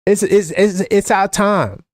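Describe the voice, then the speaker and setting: A man with a New York accent hosting a live-stream basketball chat, animated and opinionated, often repeating himself. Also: high-pitched, takes it slowly, no echo, studio quality. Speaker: basketball fan show host.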